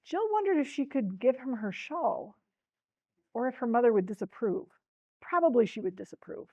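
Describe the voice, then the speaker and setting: An expressive woman reading a storybook aloud at a library talk and turning to her audience to pull them into the tale. Her voice sits somewhat high. The recording is dry and slightly dull. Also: normal speed, no echo. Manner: expressive storyteller who speaks to listeners directly. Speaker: book talk presenter.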